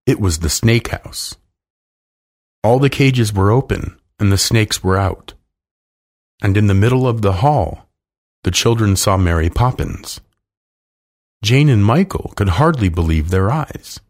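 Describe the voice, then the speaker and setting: A man reading a children's storybook aloud in a calm, measured way. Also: deep voice. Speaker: narrator.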